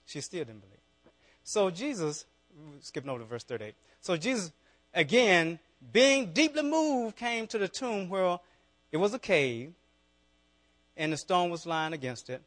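A man's voice: sits high, animated, unhurried, a bit bright. Southern man preaching a fervent sermon. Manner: preaches with rising, fervent calls and asides to the congregation. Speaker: pastor.

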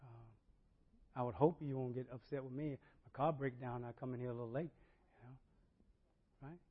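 A man's voice: mid-range voice, fairly even intonation, moderate pace, narrow, tinny audio. A male pastor delivering a sermon conversationally, often checking in with the congregation.

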